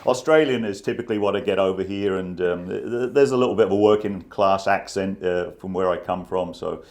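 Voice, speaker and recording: A middle-aged man from England with an English accent touched by the American Midwest, a guest telling stories in a relaxed, self-deprecating way. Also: low-pitched, brisk. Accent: English with some American Midwest. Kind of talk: casual interview chat.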